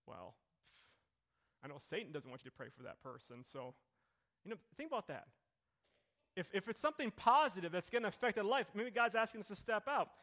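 Male pastor, middle-aged, high bright voice, conversational sermon, rhetorical questions, quiet to emphatic. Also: sing-song, fairly quick, long pauses. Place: church hall.

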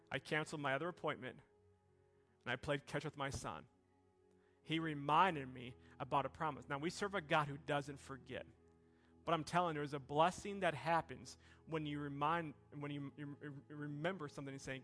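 A middle-aged man preaching a sermon with a bright, slightly high voice. He talks with passion, building to loud peaks and then sinking back to softer, quieter stretches. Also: a little fast, soft background music. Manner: impassioned preaching, voice rising and falling. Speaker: pastor.

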